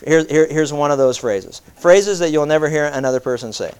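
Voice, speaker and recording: A middle-aged man delivers a sermon, shifting between playful asides and earnest rhetorical questions. His voice sits a little higher than most men's, and he keeps an animated, conversational preaching style. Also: brisk, clean tone. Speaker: pastor.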